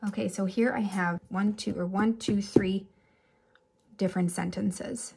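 A woman teacher giving a relaxed, chatty remote lesson to children, with animated examples and little asides. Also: medium pitch, unhurried, creaky, slight background noise.

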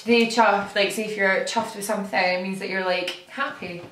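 A woman's voice: mid-range voice, fairly even intonation, normal speed, fairly bright tone. A young adult woman with a Scottish accent, a YouTube host chatting casually and giggling easily. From Scotland. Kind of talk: casual chat. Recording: echoey room, off-mic.

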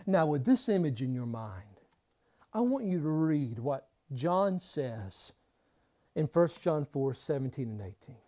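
A woman preaching a sermon, stressing points by repeating them and swinging between hushed and forceful delivery. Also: low-pitched, sing-song, unhurried. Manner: emphatic, repeats key phrases for stress.

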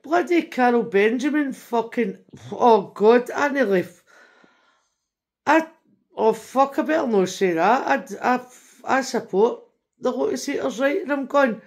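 A woman's voice: fairly high pitch, a little slow, creaky. Sweary Scottish woman ranting. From Scotland. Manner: sweary, rambling, heated rant; frequent tag question "right?". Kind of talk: ranting video message.

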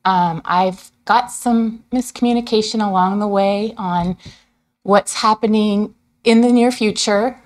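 A woman's voice: mid-range voice, fairly even intonation, a little slow. A middle-aged woman, a business owner, giving an earnest, somewhat rambling public comment at a city council meeting. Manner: earnest, rambling, hesitant with ums. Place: council chamber.

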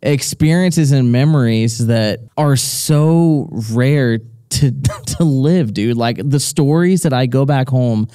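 A man's voice: mid-range voice, slow, few pauses, dark tone, clean tone. A young man co-hosting a live show, chatting playfully and jokingly with stretched-out emphasis. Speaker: co-host. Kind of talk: casual live Q&A chat. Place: stage at a live audience event.

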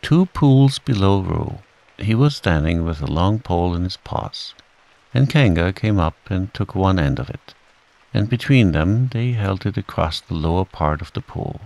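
A man calmly reading a bedtime storybook aloud, in a soothing manner. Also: sits low, measured pace, creaky. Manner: calm, soothing. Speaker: narrator.

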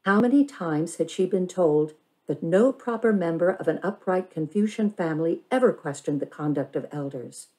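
A woman reads a children's novel aloud, her voice lower than most and soft, warm and mellow. She paces the story carefully and gives it expression. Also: expressive, moderate pace, poor audio. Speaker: reader.

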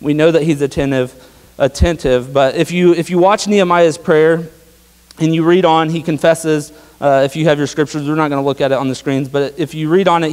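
A man's voice: on the high side, a little mellow. A young man preaching a casual sermon, talking conversationally with lots of fillers and tag questions. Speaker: pastor. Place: church sanctuary. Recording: long hall reverb.

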